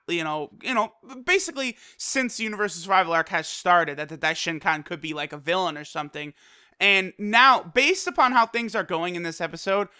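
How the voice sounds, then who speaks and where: A man reviewing an anime episode in casual, slangy talk, animated and profane, with lots of fillers. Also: sits high, smooth. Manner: frequent fillers like "like" and "you know".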